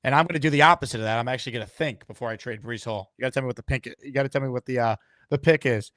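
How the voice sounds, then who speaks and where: A man's voice: medium pitch, rapid-fire, fairly bright tone, no echo, clean studio sound. A man hosting a live-streamed call-in show, upbeat and hyping up callers and superchats. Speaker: host.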